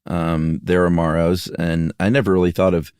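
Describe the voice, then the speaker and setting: A man's voice: deep voice, level tone, normal speed, a little mellow, clear, resonant tone, dry recording, studio quality. A man co-hosting a podcast in a laid-back, joking way, chatting casually. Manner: laid-back, jokey, hums little made-up songs. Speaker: podcast co-host. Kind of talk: casual chat.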